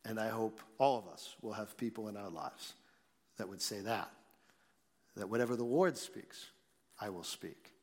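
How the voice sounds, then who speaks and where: A man preaching a sermon, reading scripture slowly and then explaining it in a conversational way. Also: lowish voice, a little mellow. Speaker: pastor. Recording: long reverb in a large hall.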